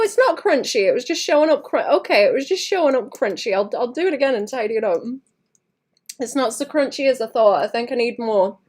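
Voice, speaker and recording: A young woman talks loosely to her livestream audience while she works on a drawing. Her voice sits a little high. She mutters half to herself and keeps stopping to clear her throat. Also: a little mellow. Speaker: artist livestreaming. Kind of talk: casual streaming chat while drawing.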